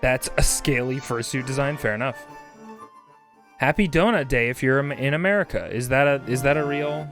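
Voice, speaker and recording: A male streamer chatting casually on a livestream while high, rambling and swearing casually as he reads chat aloud. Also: normal speed, a bit bright, faint music behind.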